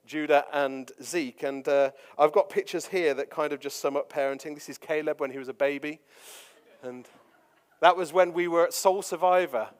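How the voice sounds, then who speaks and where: A man delivers a sermon, leaning on playful anecdotes and frequent fillers. His voice sits a little high for a man. The sound carries the long reverb of a large hall. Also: smooth. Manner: jokey, anecdotal, lots of fillers. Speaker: pastor. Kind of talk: sermon with personal stories.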